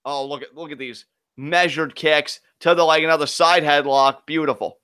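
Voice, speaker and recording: Male co-host, slightly high bright voice, heated profane ranting about a match. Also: fairly even intonation, moderate pace, smooth, dry recording, clean studio sound. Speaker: co-host of wrestling reaction show. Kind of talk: live wrestling reaction chat.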